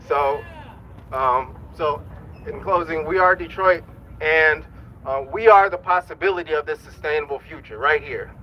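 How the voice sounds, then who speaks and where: A man's voice: on the high side, muffled recording, slight background noise. A man giving an earnest, rallying speech to a crowd at an outdoor rally. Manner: earnest, rallying, some ums and restarts. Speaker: rally speaker.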